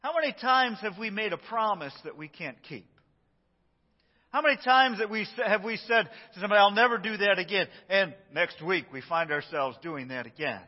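A man's voice: high voice, expressive, moderate pace. A middle-aged man preaching a sermon as pastor, telling stories, acting out quotes and chuckling as he goes. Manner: storytelling, acts out quotes, chuckles often. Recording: dull sound with long church reverb.

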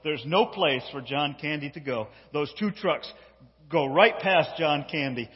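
A man preaching a sermon, telling a story with lively animation and often repeating words as he builds up steam. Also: fairly high pitch, measured pace, husky. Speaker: pastor. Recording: dull sound with long hall reverb.

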